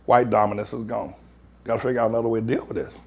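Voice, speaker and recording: A pastor in a heated, folksy preaching rant, swinging from shouts down to mutters. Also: male voice, fairly low pitch, level tone, racing, gravelly, slightly rough, dull audio. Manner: folksy, slangy.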